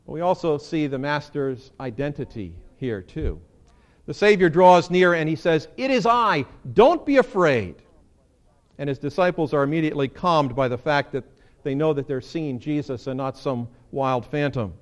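A pastor delivering a Sunday sermon in a somewhat high male voice. He is lively and theatrical, and his voice leaps upward whenever he plays out a quotation. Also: moderate pace. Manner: animated, acts out quoted lines with big jumps in pitch.

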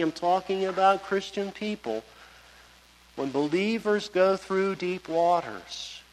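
High-voiced male preacher in a hall. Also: a little hiss or hum. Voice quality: conversational, digressive, storytelling. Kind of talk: sermon. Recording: long hall reverb.

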